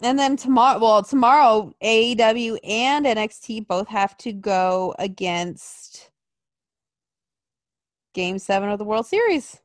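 A woman's voice: fairly high pitch, unhurried, no echo. A woman co-hosting a casual wrestling podcast, tossing in dry, teasing quips. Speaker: podcast co-host.

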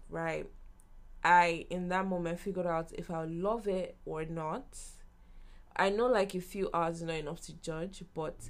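Young woman, podcast host, lively story-time delivery. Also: lowish voice. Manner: bubbly, animated storytelling with laughs and acted-out quotes.

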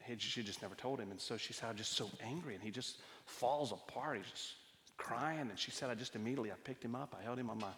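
In a church hall with a long reverb tail and a little background noise, a male pastor with a mid-range, slightly bright voice talks fast. His sermon is built on personal stories told in a chatty style, full of restarts.

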